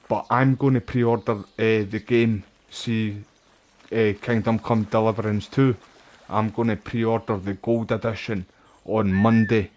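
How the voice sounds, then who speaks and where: A man's voice: fairly low pitch, steady tone, normal speed, a little hiss or hum. A young Scottish man streaming a game, chatting casually to his viewers and calling them mate. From Scotland. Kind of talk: casual live-stream chat while playing.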